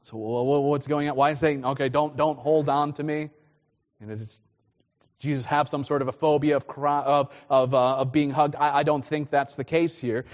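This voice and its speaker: A pastor preaching a sermon, explaining a Bible passage in a loose, conversational way with frequent restarts. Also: male voice, mid-range voice, steady tone, a little fast, big-room sound, lo-fi sound. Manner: conversational preaching, repeats words when restarting.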